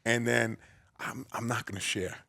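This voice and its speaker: A man from the Bronx with a New York accent, a podcast guest telling his story in a big, loud, boisterous way. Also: fairly even intonation, moderate pace, creaky, breathy edge, no echo, studio quality. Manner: acts out quoted voices with a raised pitch. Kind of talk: casual storytelling conversation.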